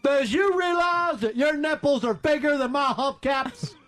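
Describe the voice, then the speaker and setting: A man's voice: very high voice, a little slow, fairly bright tone, soft background music, voice pushed up. A radio host voicing a crude, goofy southern redneck man with a put-on Southern accent, wooing in a sing-song way during a comedy radio bit. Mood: lovesick. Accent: put-on American Southern.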